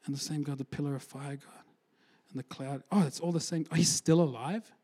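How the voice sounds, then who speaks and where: A man preaching a lively sermon, telling stories with energy and acting out quotes before settling into a quieter appeal. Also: on the high side, brisk, slightly rough. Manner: energetic storyteller, acts out quotes, drops to a hushed close.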